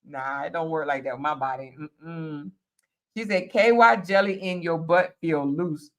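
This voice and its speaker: A woman's voice: sits low, a little slow. A woman hosting a casual live stream, reading out viewer comments, teasing and laughing as she talks straight to her viewers.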